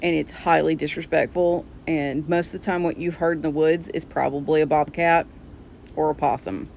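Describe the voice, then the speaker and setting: A woman's voice: low-pitched, fairly even intonation, normal speed, creaky, a little mellow, a little hiss or hum. A woman, a self-described granny witch, giving a blunt, exasperated casual rant to her viewers.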